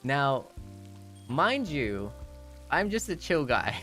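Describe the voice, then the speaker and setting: Rambling young man with lively pitch. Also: slow pace, faint music behind. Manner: rambling, full of "you know" and restarts; laughs often while telling. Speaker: streamer. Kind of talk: casual storytelling chat.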